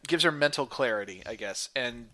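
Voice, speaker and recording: A man chatting casually on a podcast, halting and repeating words, with casual swearing. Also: medium pitch, expressive, pushed and bright. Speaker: podcast co-host. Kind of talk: casual fan chat.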